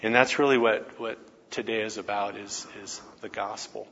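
A man's voice: fairly low pitch, fairly even intonation, normal speed, vocal fry, fairly bright tone. A campus minister giving a conversational teaching talk, telling stories and often checking in with his listeners with tag questions. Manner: storytelling, frequent tag questions. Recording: dull lo-fi recording, faint noise.

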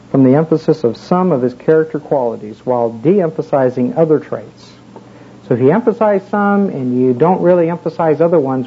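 A man preaching a casual sermon, telling a personal story in a folksy, conversational way with many fillers. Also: on the high side. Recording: muffled with faint background hiss.

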